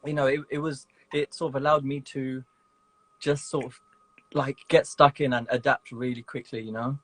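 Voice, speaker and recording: A man's voice: medium pitch, flat delivery, normal speed, a bit bright. A man as a guest in a casual interview over a video call, talking in a reflective way with many "you know" and "sort of" fillers.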